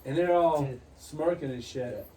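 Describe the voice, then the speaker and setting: A man in his forties telling crude stories to friends over drinks, animated and laughing through them. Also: on the high side, measured pace, roomy sound, slight background noise. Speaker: storyteller. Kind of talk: casual storytelling among friends. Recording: distant mic with music behind. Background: music playing.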